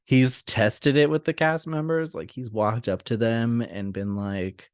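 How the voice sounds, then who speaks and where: A young man co-hosting a podcast, chatting casually and laughing often as he tells animated stories. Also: medium pitch, measured pace, smooth, dry recording, clean studio sound. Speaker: podcast co-host. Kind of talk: casual chat.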